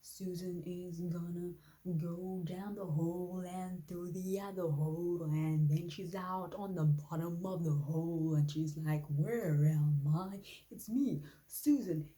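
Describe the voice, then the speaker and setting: Woman doing a loud, teasing male entertainer, low-pitched, sing-song mockery, improv comedy. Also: fairly even intonation, slow. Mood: mocking.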